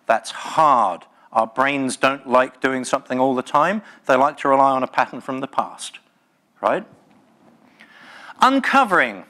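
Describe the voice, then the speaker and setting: Guy giving a conference talk, really passionate and punchy, kinda high pitched, sharp bright voice. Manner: passionate, emphatic, jokey. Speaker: conference speaker. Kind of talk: live tech conference talk. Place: conference session room.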